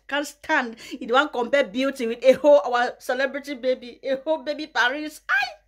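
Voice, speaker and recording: A young Nigerian woman vlogger giving mocking gossip commentary, often breaking into loud high laughter. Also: sing-song, brisk. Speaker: YouTuber.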